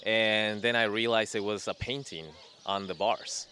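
A male artist speaking slowly and reflectively in an interview, recorded outside. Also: fairly low pitch, fairly even intonation, sharp tone, a little hiss or hum. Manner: slow, reflective. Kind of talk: interview clip.

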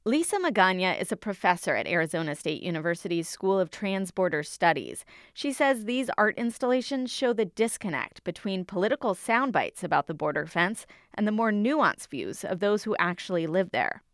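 A woman reads a scripted radio news report in a steady, clear voice at a middle pitch. The sound is dry and close to the mic. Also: moderate pace, few pauses, no echo.

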